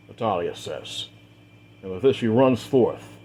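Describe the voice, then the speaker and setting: Low-voiced male storyteller. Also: lively intonation, measured pace, mellow, a little hiss or hum. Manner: repetitive linking phrases, swelling on action beats. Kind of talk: dramatic fiction narration.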